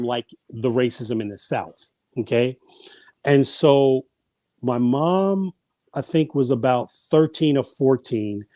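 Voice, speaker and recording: As a podcast guest, a man tells family stories casually and ramblingly, restarting often and repeating words. His voice is mid-range and mellow, with no room sound.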